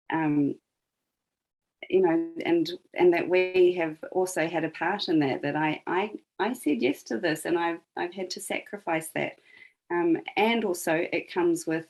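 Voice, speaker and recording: Her voice sits lowish and moves a little slowly while she, a podcast guest, reflects on a fairy tale, retelling it with emphasis and relating it to the present day. The chat has a conversational storytelling feel, though the audio is poor.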